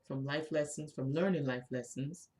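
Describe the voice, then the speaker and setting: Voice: mid-range voice, moderate pace, a little mellow. Co-host, casual spiritual talk, emphatic, repetitive, preacher-like.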